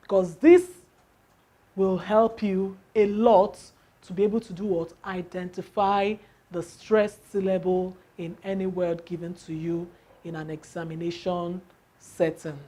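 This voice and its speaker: A woman's voice: fairly low pitch, fairly even intonation, measured pace, mellow. A woman teaching English word stress, asking the class questions and answering them herself, counting syllables aloud.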